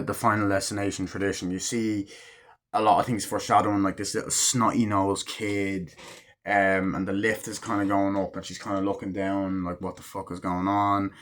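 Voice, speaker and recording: A man giving a casual, rambling movie review, full of fillers and the odd swear, acting out characters' lines in quick snippets. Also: lowish voice, fairly bright tone.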